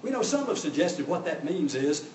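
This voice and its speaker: A man's voice: on the high side, sing-song, moderate pace, darkish tone, echoey room, recorded from a distance, a little hiss or hum, poor audio. An older man preaching a sermon with fervour, swelling and dropping his voice for emphasis.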